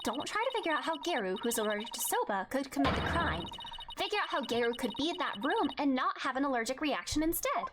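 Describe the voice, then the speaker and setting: A woman's voice: high-pitched, very animated, fast, heavy background noise. A woman voicing an eager young lawyer. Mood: determined. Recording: game music behind the voice.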